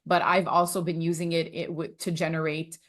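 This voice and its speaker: Brief: female host, casual chatty delivery, slightly low pitch, rambling with fillers. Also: level tone, fairly quick. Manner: loose, chatty, with frequent fillers and restarts. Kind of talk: casual conversation.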